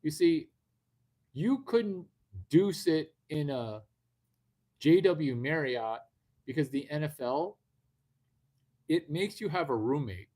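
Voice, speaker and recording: Man, livestream host, brash and profane, slightly high voice, slow unhurried delivery. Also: animated, warm tone. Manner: brash, profane, rambling, addresses viewers directly. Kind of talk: unscripted livestream talk.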